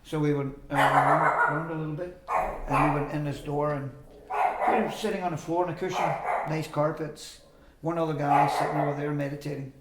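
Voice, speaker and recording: A man's voice: on the high side, steady tone, brisk, roomy sound, heavy background noise. An older man telling a long personal story in a casual interview, acting out the voices of the people he quotes. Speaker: interview guest.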